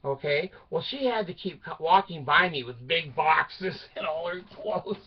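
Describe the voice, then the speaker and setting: An older man rambles through a personal story for his channel, breaking into laughter at his own jokes. His voice sits a little high, and he swings from loud outbursts to low mutters. The recording is dull and lo-fi. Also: animated, unhurried, slightly rough. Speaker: video channel host.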